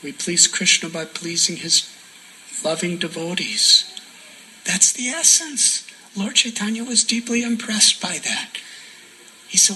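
A man giving a sermon as a devotional story, soft-spoken and often dropping to a near whisper for emphasis. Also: sits high, animated, unhurried, slight background noise, low-quality recording. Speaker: spiritual teacher.

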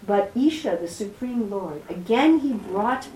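Soft-spoken woman teacher with a sore throat. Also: medium pitch, expressive, echoey room, slight background noise, rough recording. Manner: slow, deliberate, repeats key phrases. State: sore throat, speaks softly. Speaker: spiritual teacher. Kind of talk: scripture class.

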